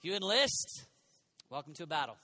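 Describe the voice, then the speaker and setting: A man preaching an energetic youth sermon, animated and jokey, acting out quoted voices and sometimes shouting. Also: a little high, moderate pace, very noisy. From United States. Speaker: youth minister.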